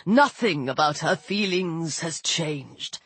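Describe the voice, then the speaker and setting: Audiobook role: woman doing an unhurried, lordly old sun king, deep and teasing, storybook style. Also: expressive, a bit bright, breathy edge, no room sound, full character voice. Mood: regal. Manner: slow, commanding. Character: ancient male sun god, old man, regal and teasing.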